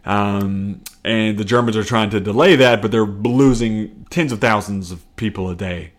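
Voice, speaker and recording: Solo podcast host, man, lowish voice, rambling, swears, self-deprecating, laughs at himself. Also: normal speed, hardly any pauses. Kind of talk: casual solo comedy podcast.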